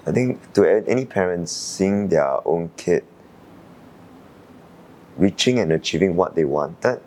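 A young man from Singapore, an Olympic sailor, calmly recalling his qualifying race in an interview, thoughtful with frequent fillers. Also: sits low, unhurried, a little hiss or hum. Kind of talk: reflective interview answers.

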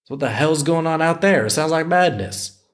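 A man's voice: on the high side, expressive, moderate pace, voice pushed up, natural voice. A man putting on a drawling old Southern barfly. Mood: pained, bewildered. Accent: Southern US, put on. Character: injured old man stuck in a brewery cellar.

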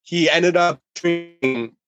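A man's voice: on the high side, slow pace, dry recording, lo-fi sound, soft background music. A man telling a wild story on a casual podcast, with lots of fillers and cursing. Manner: animated anecdote-telling, heavy filler and swearing.

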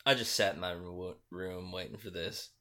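A man's voice: low-pitched, fairly even intonation, moderate pace, sharp tone. A man co-hosting a podcast, dropping dry, short quips in casual chat. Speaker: podcast co-host.

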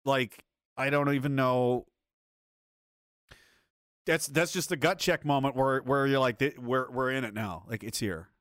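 A man's voice: mid-range voice, measured pace, long pauses, fairly bright tone, no echo, clean studio sound. A man hosting a video commentary, ranting in an angry, blunt and profane way. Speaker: commentary host.

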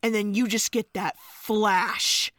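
A woman's voice: mid-range voice, takes it slowly, a little hiss or hum. A woman co-hosting a podcast, recapping a film scene by scene in casual chat. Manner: animated, retelling scenes vividly. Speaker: podcast co-host.

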